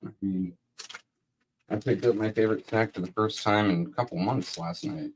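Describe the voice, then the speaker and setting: A man's voice: lowish voice, very animated, moderate pace, a little hiss or hum. A man co-hosting a casual live-stream chat, talking bluntly and swearing a lot. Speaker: co-host.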